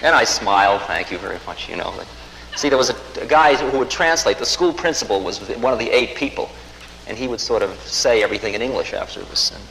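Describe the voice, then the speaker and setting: A man of medium pitch tells a story from his own life, wry and self-mocking, acting out what everyone said. He is heard in a roomy hall with a long reverb tail. A faint ambient hum runs underneath. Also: brisk, fairly bright tone. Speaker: spiritual teacher telling a story. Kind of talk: storytelling talk.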